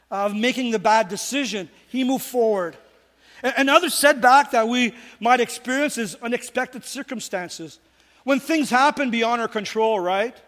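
High-voiced preacher in a reverberant hall. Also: male voice, a bit bright. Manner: emphatic, with repeated rhetorical questions. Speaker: pastor. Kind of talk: sermon.

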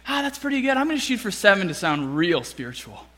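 A preacher doing a slangy eager disciple. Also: male voice, high voice, big pitch swings, fast talker, pushed and bright, exaggerated voice. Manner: casual slangy speech. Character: eager young male disciple, casual and bargaining. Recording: long reverb of a large hall.

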